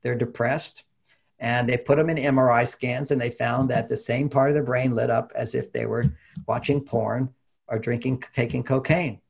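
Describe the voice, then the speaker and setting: A man, a relationship author, talking in an animated conversational way as an interview guest. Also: mid-range voice, moderate pace, creaky, breathy edge. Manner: animated, acts out quoted voices, laughs often.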